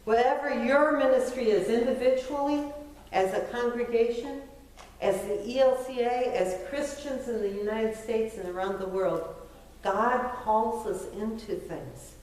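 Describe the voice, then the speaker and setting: A woman's voice: a little high, unhurried, darkish tone. A middle-aged woman pastor preaching a sermon in a conversational, self-deprecating way, pressing her points with emphasis. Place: church sanctuary. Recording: very echoey church from far off.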